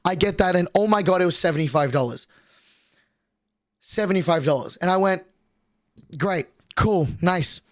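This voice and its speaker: Brief: young male streamer, higher voice, swears a lot, rambles, dry close mic. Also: a little fast, pauses often, no echo. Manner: profane, rambling, animated. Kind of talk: casual storytelling on a livestream.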